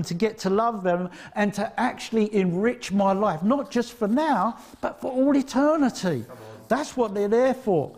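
Male preacher, Essex accent, slightly high voice, chatty and emphatic delivery that keeps checking in with the room. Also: a little mellow. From Essex, England. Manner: conversational, emphatic, checks in with the audience. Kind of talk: sermon.

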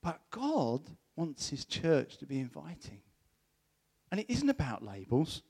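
A middle-aged man preaching a sermon, telling a personal story in an animated way and acting out the voices of people he quotes. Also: fairly high pitch, a little slow, creaky, husky.

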